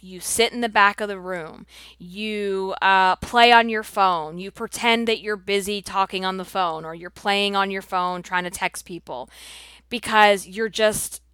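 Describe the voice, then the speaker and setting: A woman's voice: medium pitch, bright, forceful tone, clean tone, no echo. A woman hosting her own show, talking casually and emphatically to her audience, peppering her speech with "like" and "you know.". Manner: chatty, full of "like" and "you know", personal and emphatic. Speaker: host speaking to her audience. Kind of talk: casual direct-to-camera monologue.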